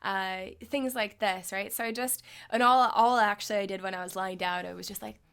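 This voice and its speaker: A woman's voice: medium pitch, steady tone, fairly quick, gravelly, a bit bright, smooth. A young adult woman spiritual coach, talking casually and upbeat to camera in a vlog, often saying "like" and "right?". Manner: chatty, upbeat, lots of "like" and "right?".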